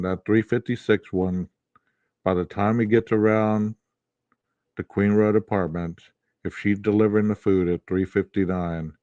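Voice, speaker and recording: A man's voice: fairly low pitch, a little mellow, no room sound, lo-fi sound. A man hosting a podcast, arguing a true-crime case in casual talk with a heavy early-morning voice and lots of rhetorical questions. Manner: argumentative, asks rhetorical questions. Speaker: podcast host.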